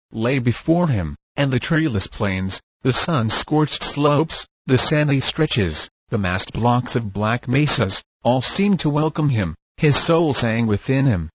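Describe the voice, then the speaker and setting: Husky man reading an audiobook. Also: mid-range voice, no room sound. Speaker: audiobook narrator. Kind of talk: audiobook narration.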